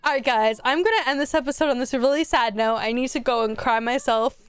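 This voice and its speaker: A woman's voice: on the high side, fast talker, clean tone, no echo. A young woman casually commenting on her gameplay, chatty and emotional, talking straight to her viewers. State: tearful, near crying. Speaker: gaming YouTuber.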